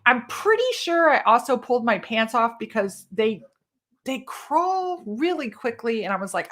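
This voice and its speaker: Woman, casual storytelling, swears, lively pitch, higher voice. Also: normal speed. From Texas, USA. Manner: animated, swears freely, laughs often. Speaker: podcast host.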